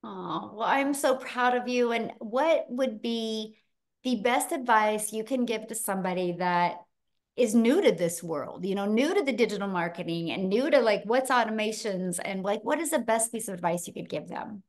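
A woman's voice: medium pitch, moderate pace. A woman hosting a live stream, effusively praising her clients and addressing viewers directly. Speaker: host and business coach.

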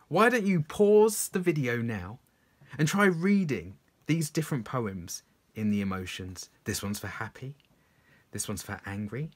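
A man's voice: mid-range voice, slightly rough. A man, a children's poet, reading his poems aloud and encouraging young listeners to join in.

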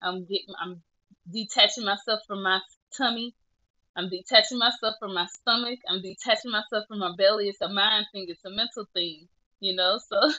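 A woman's voice: medium pitch, normal speed, sharp tone, muffled recording. A woman vlogging casually, chatty and self-mocking, laughing and tearing up as she talks. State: tearful at times. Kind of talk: casual selfie vlog.

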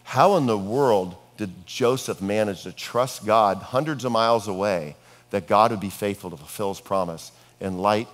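A middle-aged man preaching a sermon as a pastor, talking in a casual, conversational way and telling stories with dark humor. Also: lowish voice, normal speed. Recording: long reverb of a hall.

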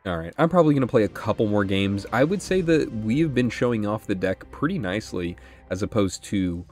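Low-voiced man swearing through gameplay commentary. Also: brisk, faint music behind. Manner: excitable, swears often, thinks aloud. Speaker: gaming channel host.

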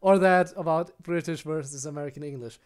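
A man's voice: a little high, a little fast, darkish tone, clear, resonant tone. A young man chatting casually with his viewers while he streams a game. He rambles, often restarts his sentences and answers questions from chat.

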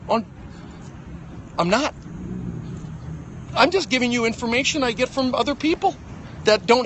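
A middle-aged man, a comedian livestreaming from his phone outdoors, ranting in agitated bursts that jump between loud outbursts and low mutters. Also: slight background noise. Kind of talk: rambling livestream rant.

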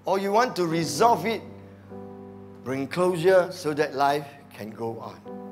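A male pastor with a Malaysian English accent preaches in a high, unhurried voice. He is animated and slips into quiet muttered asides. Soft music plays faintly behind him. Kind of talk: sermon. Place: church.

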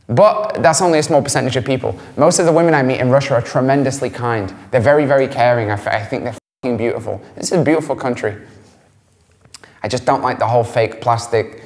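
A man's voice: mid-range voice, a little fast, darkish tone, in a large hall. A man from England, a musician giving candid interview answers in a blunt, profane way, repeating words for emphasis. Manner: blunt, swearing, emphatic repetition.

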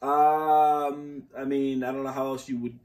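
A man hosting a casual gaming chat with friends, jokey and excitable, often jumping into high-pitched shrieks. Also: measured pace, far from the mic. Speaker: gaming channel host.

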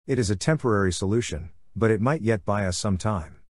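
A veteran male warrior-monk speaks calmly and in measured terms, as a man reads his part. His voice sits low. The sound is close and dry. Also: no echo, natural voice.

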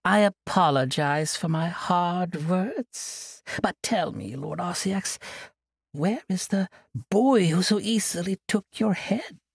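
A man's voice: high voice, expressive, takes it slowly, gravelly, slightly rough, no room sound, studio quality, voice pushed up, exaggerated voice. A man voicing a sly, scornful female assassin in an audiobook, with a taunting, mocking manner.

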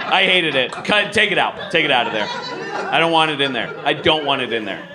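A man doing live stand-up in a large comedy club, animated and loud, swearing and riffing with the audience. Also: a little high, fairly quick. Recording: live club with crowd noise.

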